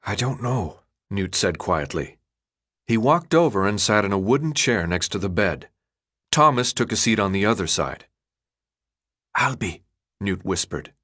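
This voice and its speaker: A man narrating an audiobook in a measured, expressive storytelling voice. His voice is fairly low and rises and falls freely. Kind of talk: scripted narration.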